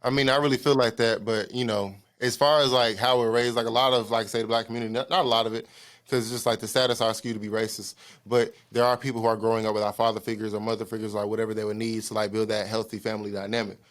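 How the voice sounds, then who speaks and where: A young man co-hosting a podcast, animated and quick to jump in, repeating words as he works through a thought. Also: fairly low pitch. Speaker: podcast co-host. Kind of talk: casual podcast discussion.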